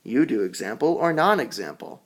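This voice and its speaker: A man teaching English vocabulary, leading a call-and-repeat drill with slow, exaggerated enunciation. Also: medium pitch. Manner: animated, sing-song teacher delivery. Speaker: ESL teacher.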